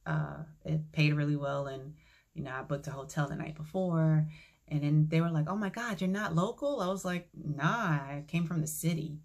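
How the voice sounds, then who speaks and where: A woman with a low voice and a gravelly edge tells a personal story in a casual vlog. She acts out each line of dialogue as she retells it, and her delivery stays calm and reflective. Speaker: vlogger.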